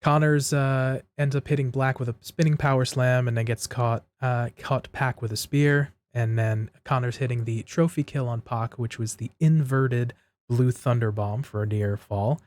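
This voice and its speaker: A man's voice: medium pitch, fairly even intonation, moderate pace, darkish tone. A man co-hosting a wrestling podcast, recapping matches casually and steadily, step by step. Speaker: podcast co-host.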